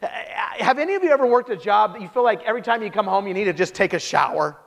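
Animated high-voiced male preacher. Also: fast talker, gravelly, in a large hall. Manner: animated storytelling with restarts. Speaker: pastor. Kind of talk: sermon.

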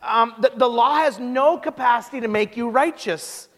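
A man preaching a sermon, telling stories with lively acted-out quotes. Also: very high voice, moderate pace. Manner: animated storytelling, acts out quotes in character voices. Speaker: pastor. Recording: long hall reverb.

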